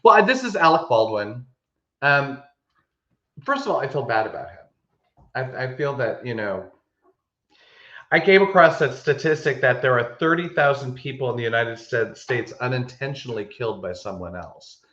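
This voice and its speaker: Guy co-hosting a chatty podcast, forceful bright voice, lots of restarts, dull lo-fi sound. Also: mid-range voice, normal speed. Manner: animated, emphatic storyteller with frequent restarts. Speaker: podcast co-host. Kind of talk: casual chat. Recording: echoey room, dull lo-fi sound.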